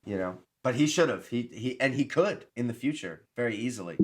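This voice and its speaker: A man's voice: mid-range voice, lively intonation, brisk. Young male podcast co-host, rambling and exasperated, plain mid voice. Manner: rambling, self-deprecating, exasperated. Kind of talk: casual chat.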